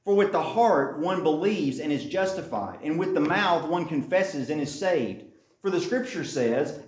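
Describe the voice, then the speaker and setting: A man leads a Bible lesson, reading verses and then going back over the main point again and again. His voice sits a little high. The room around him is echoey. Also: a little mellow. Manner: reads scripture aloud then explains it, repeats key points. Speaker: Bible teacher. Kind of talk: Bible study teaching.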